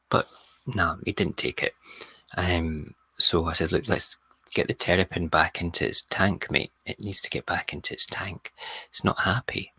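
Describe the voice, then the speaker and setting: A man with a low, husky voice spins a yarn as a radio host, lively and full of little asides. His tone is bright and forceful, recorded dry and close on the mic. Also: normal speed, no echo. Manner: animated storyteller, mimics people. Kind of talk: casual storytelling. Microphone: close studio mic.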